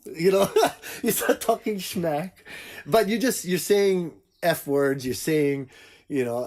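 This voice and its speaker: A man's voice: fairly high pitch, lively intonation, normal speed, darkish tone. An older man hosting a podcast, chatting casually and animatedly, laughing often and acting out quotes. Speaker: podcast host. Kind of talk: casual chat.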